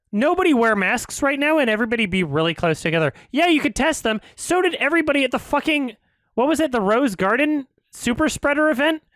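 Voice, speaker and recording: A man's voice: very high-pitched, fairly bright tone, dry recording. A man hosting a reaction video, ranting with a heated, profane, sarcastic edge. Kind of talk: ranting commentary.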